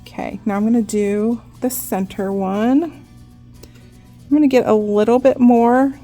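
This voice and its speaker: A woman's voice: on the high side, slow pace, faint music behind. Chatty woman teaching nail art. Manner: chatty, relaxed, lots of "like". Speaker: nail artist. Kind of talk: casual step-by-step nail art tutorial.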